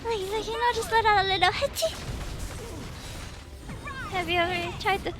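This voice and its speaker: A woman's voice: very high-pitched, moderate pace, music in the background. A young woman with a Singaporean accent, chatting casually and giggling on her live stream, sprinkling in Singlish particles. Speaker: VTuber streamer.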